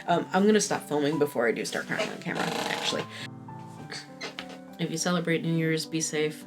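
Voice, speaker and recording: Loud music plays under a low-pitched woman in her 30s who talks fairly quickly yet leaves long pauses. As a fashion vlogger doing a casual review, she's candid, rambling, self-deprecating, and swears often.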